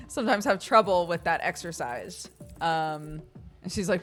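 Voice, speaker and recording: An American woman in her thirties chats on a stream, with a fairly low voice that swings widely in pitch as she tells stories. She laughs often and acts out quoted voices. Faint music plays behind her. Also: animated, unhurried, a bit bright. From United States. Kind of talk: casual chat.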